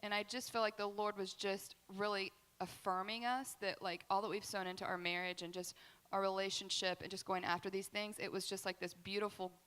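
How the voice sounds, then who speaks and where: Woman pastor talking candid at church q&a, bright voice, lots of "like", big hall echo. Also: medium pitch, steady tone, brisk, clear, resonant tone. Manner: heartfelt and candid, with many fillers. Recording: long hall reverb.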